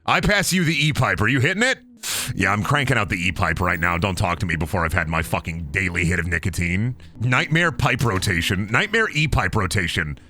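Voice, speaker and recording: A man streaming a game, talking in goofy, excitable, profanity-heavy commentary. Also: low voice, brisk. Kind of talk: casual gameplay commentary.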